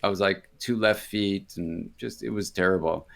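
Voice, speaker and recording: Older American man, lowish voice, rambling storyteller who breaks off mid-sentence and acts out quoted voices in a casual interview. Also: moderate pace, creaky, a bit bright. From United States. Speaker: interview guest, psychiatrist.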